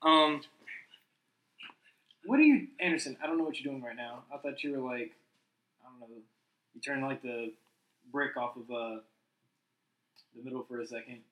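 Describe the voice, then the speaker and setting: A man's voice: medium pitch, normal speed, pauses often, fairly bright tone. A man hosting a casual podcast with friends, goofing around and steering the talk with questions. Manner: goofy, steering the talk, joking. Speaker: podcast host. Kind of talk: casual chat among friends. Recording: roomy echo.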